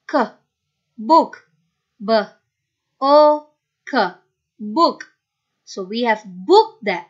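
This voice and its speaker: A woman teaching a phonics lesson to children, sounding out letters one by one, repeating each word and praising the students. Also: fairly high pitch. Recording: dull lo-fi recording.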